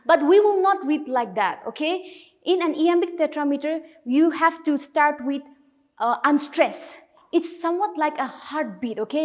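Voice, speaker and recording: A woman's voice: high voice, lively intonation, moderate pace, long reverb tail. A woman teacher giving a recorded lesson, explaining patiently and often checking in with the class.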